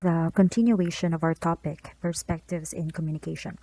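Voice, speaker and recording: A woman's voice: low-pitched, fairly even intonation, a little fast, warm tone, dry recording, rough recording. A woman teaching an online lecture, explaining step by step with tag questions and frequent restarts.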